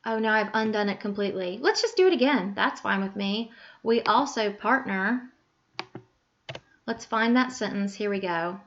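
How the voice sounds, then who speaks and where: A woman teaching a screen-recorded software lesson, patiently talking through each click and correcting her own slips aloud. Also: medium pitch, expressive, moderate pace, dull audio.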